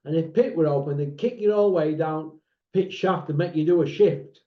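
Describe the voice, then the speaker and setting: Northern English man, channel host ranting to camera, blunt and mocking, high voice, roomy lo-fi recording. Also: moderate pace. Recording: roomy, dull lo-fi sound.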